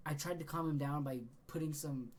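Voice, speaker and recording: A young man co-hosting a podcast, telling a story in a casual, animated way and swearing freely. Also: on the high side, a little fast. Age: young adult. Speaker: podcast co-host.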